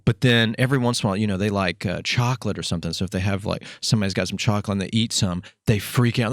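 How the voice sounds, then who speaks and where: A man's voice: on the low side, fast talker, few pauses, no echo, clean studio sound. A man hosting a podcast interview in a chatty, joking way, laughing at his own quips. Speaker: podcast host. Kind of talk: casual interview.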